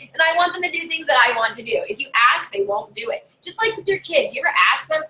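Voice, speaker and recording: A woman's voice: high-pitched, very animated, fast talker, pushed and bright, low-quality recording. A woman giving casual how-to tips to camera as a party sales consultant, chatty and bossy, talking from her desk at home. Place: home desk with a drawer and her dog nearby.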